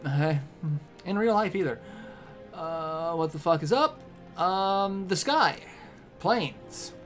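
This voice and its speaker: A man's voice: high voice, animated, slow pace, faint music behind. A young man casually chatting on a game livestream, rambling between topics and reading game lines aloud.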